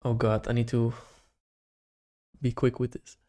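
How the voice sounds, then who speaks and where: A man's voice: mid-range voice, monotone, a little slow, mellow. A young man on a casual live stream, chatting to his viewers and reading out their names one by one. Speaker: livestreamer running a giveaway.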